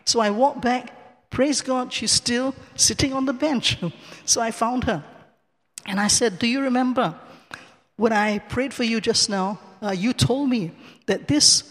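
High-voiced man telling a church testimony. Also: unhurried, in a large hall. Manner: lively storyteller who acts out the dialogue and chuckles often. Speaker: church speaker giving testimony. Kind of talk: personal testimony told from the pulpit. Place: large cathedral.

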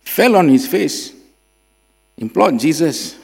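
A man from Singapore, preaching a sermon and swinging between loud emphasis and quiet drops. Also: medium pitch, sing-song, unhurried, vocal fry, breathy edge. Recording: long hall reverb with mains hum.

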